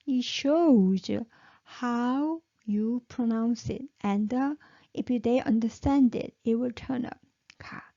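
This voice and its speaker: In this slow spoken lesson built on repeated drills, a woman with a slightly high, dark-toned voice patiently repeats every syllable and often asks "okay?". The recording is dull, muffled and lo-fi, with no room sound.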